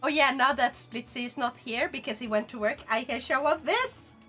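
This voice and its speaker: A woman's voice: high voice, bright, forceful tone, faint music behind. A young woman with a Swedish accent, chatting playfully with her viewers while streaming a game. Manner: playful, bantering with chat, quick laughs. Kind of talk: casual gaming stream chat.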